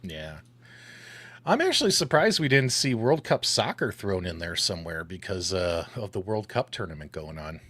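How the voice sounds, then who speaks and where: A man's voice: deep voice, very animated, normal speed, fairly bright tone. A man co-hosting a live-streamed arcade gaming show, chatting casually with a laid-back, rambling manner full of fillers. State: catching his breath.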